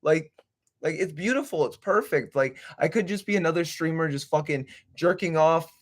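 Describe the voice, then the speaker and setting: A man's voice: fairly high pitch, normal speed. A young man hosting a livestream, rambling casually with swearing and slang. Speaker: livestream host.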